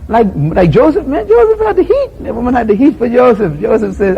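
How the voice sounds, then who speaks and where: A man's voice: sits high, sing-song, a little fast, creaky, hardly any pauses, dark tone, muffled recording, a little hiss or hum. A middle-aged man with a Bahamian accent preaching a sermon, acting out little scenes with voices and laughter.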